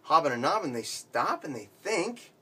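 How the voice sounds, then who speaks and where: Guy telling a long silly joke, husky voice, kinda high, really into it. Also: normal speed. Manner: animated storytelling. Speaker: joke teller.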